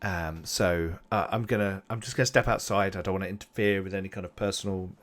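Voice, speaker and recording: A man's voice: low voice, fairly even intonation, quick pace, a bit bright. A man doing a nervous, fumbling alien guide. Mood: apologetic. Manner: rambling, hesitant, apologetic. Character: nervous, overly polite male Gran alien guide.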